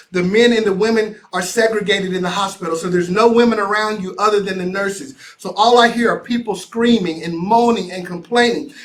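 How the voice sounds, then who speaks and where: A middle-aged American man hosting a motivational talk, preaching with repetition and emphasis. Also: high-pitched. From United States. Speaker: host.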